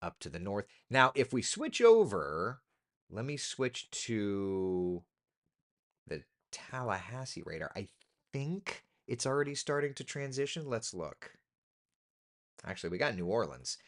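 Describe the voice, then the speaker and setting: A TV weatherman talks through the forecast in an easy, chatty way. His pitch swings widely, rising keenly and then dropping low for muttered asides. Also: a little slow. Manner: relaxed, chatty, thinking aloud with ums and asides. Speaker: TV meteorologist. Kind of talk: casual weather chat.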